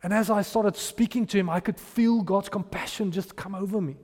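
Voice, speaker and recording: Preacher guy, pretty high voice, big echoey church sound, acts out his stories. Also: moderate pace, darkish tone. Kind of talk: sermon with storytelling.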